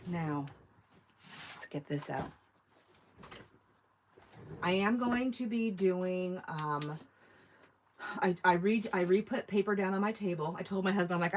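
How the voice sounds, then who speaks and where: A woman's voice: on the low side, normal speed. A woman hosting a live online sale, chatting casually and rambling as she reads viewer comments aloud. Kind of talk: casual live-stream sales chat.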